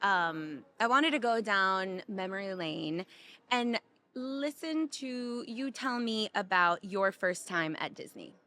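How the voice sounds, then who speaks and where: A woman in her thirties co-hosting a casual chat, telling a family story in a lively, playful way. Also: mid-range voice, slow pace. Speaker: podcast co-host. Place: at a theme park.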